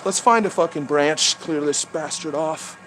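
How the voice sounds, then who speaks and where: Heated, high-voiced man ranting outdoors. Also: measured pace, a bit bright, a little hiss or hum. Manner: profane, heated, rambling. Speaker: livestream host. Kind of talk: rambling livestream rant. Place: outdoors among trees. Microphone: head-mounted camera.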